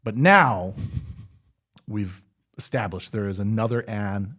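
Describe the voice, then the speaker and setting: Animated man recapping a movie. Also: on the low side, slow pace. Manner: animated, swears often, laughs while retelling scenes. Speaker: podcast host. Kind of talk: casual movie recap chat.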